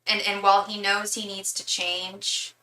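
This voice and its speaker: A woman's voice: medium pitch, little pitch movement, measured pace, bright, forceful tone, roomy sound, distant mic, a little hiss or hum, rough recording. A young woman giving a live tarot reading in a chatty way, full of fillers, restarts and calls of "girl". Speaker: tarot reader.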